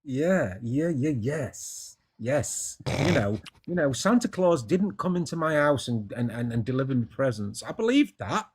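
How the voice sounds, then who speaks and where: A man's voice: medium pitch, sing-song, a little slow, few pauses, breathy edge. An English man debating as a caller, talking passionately and stumbling over repeated words. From England. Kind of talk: heated casual debate.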